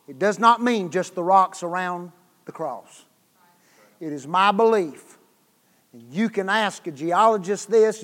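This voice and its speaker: Guest preacher, male, high voice, slow deliberate delivery, hushed-to-shouting revival sermon in a church hall. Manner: swings from hushed to shouted, repeats words. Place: church sanctuary. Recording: long hall reverb.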